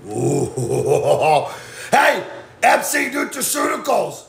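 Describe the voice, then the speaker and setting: Slow, gravelly man in an echoey shop. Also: high voice, huge pitch swings, fairly bright tone, shouting. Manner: laid-back, swearing, hyping the shop. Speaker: smoke shop vlogger. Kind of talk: casual vlog commentary. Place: smoke shop interior. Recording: echoey shop room, faint background noise.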